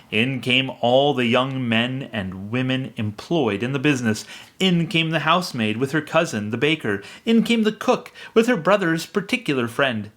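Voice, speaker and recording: A man reading a classic novel aloud with expressive storytelling. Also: medium pitch. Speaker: audiobook reader.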